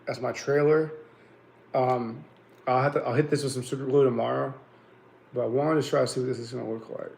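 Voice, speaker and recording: A chatty man talks through his fishing tips in a relaxed, folksy way, often calling his viewers guys and y'all. His voice has a gravelly edge, and the sound carries an echo of the room around him. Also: medium pitch, brisk, a little hiss or hum. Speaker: fishing channel host. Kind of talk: casual fishing tips livestream. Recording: echoey room.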